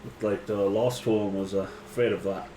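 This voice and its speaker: A man's voice: on the low side, steady tone, moderate pace, mellow. A man playing a tabletop game with friends, joking around and swearing casually. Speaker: player. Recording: echoey room with noise.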